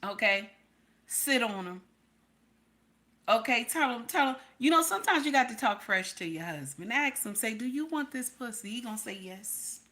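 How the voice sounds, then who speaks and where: A woman's voice: a little high, lively intonation, normal speed, pushed and bright. A woman hosting a live stream, giving blunt, preachy advice and repeating herself for emphasis while talking to her chat. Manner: talks to her chat and reads names. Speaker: livestream host advising women.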